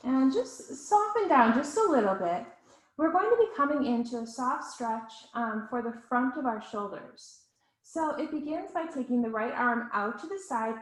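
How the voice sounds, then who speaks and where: A woman guides a yoga class with slow, soothing instructions, leaving gentle pauses between cues. Her voice is slightly high, and the audio echoes as if recorded in a bare room.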